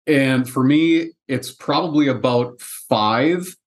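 A man guest, a product manager, explaining his job in a relaxed, joking interview manner. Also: mid-range voice, takes it slowly. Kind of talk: casual interview talk.

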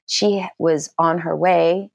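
A middle-aged actress telling a personal story in an interview, animated and acting out what people said in a high, excited voice. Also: female voice, slow, vocal fry, no room sound, clean studio sound. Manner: lively storyteller who acts out quotes in a high excited voice.

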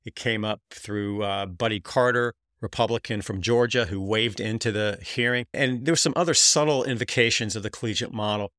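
A man's voice: fairly low pitch, a little fast, hardly any pauses, a bit bright, no echo, studio quality. A man hosting a podcast, giving earnest analytical commentary that builds in emphasis, with occasional restarts. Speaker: podcast host.

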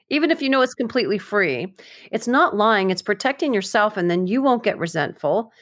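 A woman co-hosting a casual advice talk who speaks with energy and acts out quoted lines in a higher voice. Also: lively intonation, moderate pace, fairly bright tone.

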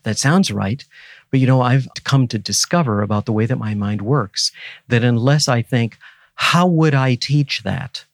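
A man's voice: medium pitch, normal speed, no room sound, clean studio sound. A man in his seventies, a guest scholar in an interview, talking in an earnest, teacherly and emphatic way. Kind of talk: reflective interview conversation.

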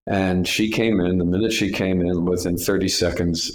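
Older man, very low voice, telling stories. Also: moderate pace, hardly any pauses. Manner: anecdotal, acts out quoted voices. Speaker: retired casting director, guest. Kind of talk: storytelling interview.

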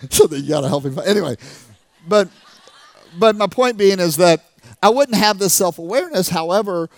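A middle-aged man telling a story as a motivational speaker, animated, acting out the voices of the people in it. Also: high voice, normal speed, no echo. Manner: animated, acts out the voices of people in his stories. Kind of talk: storytelling talk to a live audience.

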